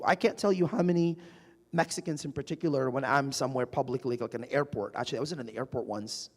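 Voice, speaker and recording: This guest speaker talks fast in a voice on the high side, animatedly telling stories onstage before a live audience. He acts out everyone he quotes during the public conversation, recorded in a large, echoing hall.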